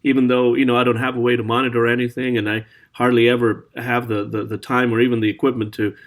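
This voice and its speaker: A man from the United States hosts a casual interview at an ordinary mid pitch. He speaks hesitantly, often restarting and repeating words as he forms questions. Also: little pitch movement, fast. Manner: hesitant, many restarts and fillers. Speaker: interview host.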